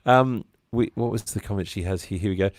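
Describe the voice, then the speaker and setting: Deep-voiced Australian man hosting. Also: a little fast, no echo. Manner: chatty storyteller, rambling with fillers. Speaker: livestream host. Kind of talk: casual interview chat.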